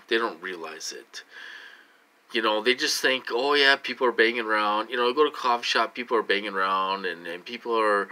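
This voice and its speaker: A man's voice: low voice, bright, forceful tone. A man talking to his viewers in a rambling, repetitive way, full of fillers and upset. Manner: upset, growing agitated. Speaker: vlogger. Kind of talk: personal talk to camera.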